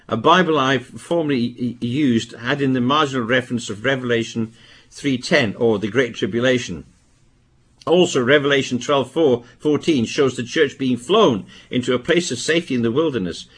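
An older man from Britain preaching a sermon, with emphatic bursts and quieter asides. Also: medium pitch, husky. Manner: emphatic, rising to stress warnings, then dropping to asides.

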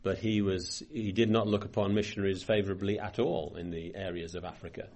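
A man's voice: low-pitched, steady tone, fairly quick, a little mellow. An older man giving a Bible study sermon, reading scripture aloud with rising emphasis and then commenting in a loose, conversational way with restarts. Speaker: preacher.

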